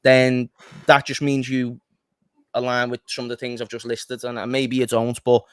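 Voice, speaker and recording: A man's voice: medium pitch, monotone, moderate pace, clean tone, no room sound. A man co-hosting a football fan chat, talking passionately, ranting and swearing freely. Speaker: fan channel co-host.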